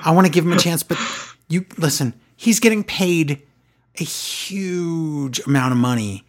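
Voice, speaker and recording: A man co-hosting a casual wrestling recap podcast, talking in an animated way and acting out quotes in exaggerated voices. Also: on the high side, unhurried.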